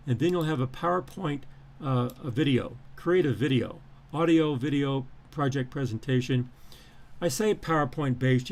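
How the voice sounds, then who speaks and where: A man's voice: mid-range voice, creaky. A man teaching a live-streamed class, walking students through his syllabus in a rambling way with many fillers and restarts, repeating key phrases for emphasis. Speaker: professor.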